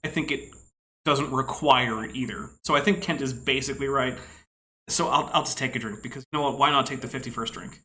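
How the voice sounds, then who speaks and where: A man's voice: medium pitch, brisk, sharp tone, rough recording. A man commenting casually on clips, explaining things at length in an analytical way with frequent asides. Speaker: podcast co-host.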